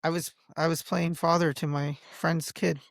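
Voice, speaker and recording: A man's voice: on the high side, flat delivery, normal speed, gravelly, a bit bright, no room sound, studio quality. A man in his thirties, a father co-hosting a casual podcast chat, laid-back and teasing as he tells stories about his kids. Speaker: podcast co-host.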